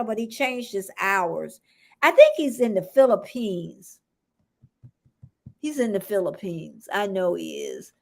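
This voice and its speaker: A woman from the United States hosting a casual live stream, rambling chattily, greeting viewers by name and laughing often. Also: a little high. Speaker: livestream host.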